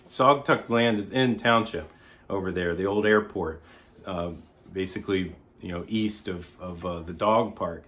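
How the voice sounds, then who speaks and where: A middle-aged man giving an informal presentation as a local resident, rambling and often pausing to restate himself. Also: sits low, a bit bright.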